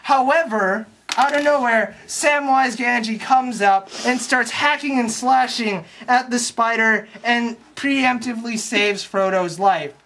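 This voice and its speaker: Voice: mid-range voice, fairly bright tone. Profane sarcastic young movie recapper. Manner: profane, sarcastic, rambling with quick restarts. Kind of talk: crude comedic plot recap. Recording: faint background noise and clicks.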